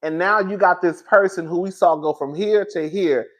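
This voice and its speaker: Man, reality tv commentator, animated gossip, emphatic repeats, swears freely, talks to viewers like friends. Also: sits high, normal speed. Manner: animated, dramatic storytelling with emphatic repetition; swears freely and addresses listeners as "girl".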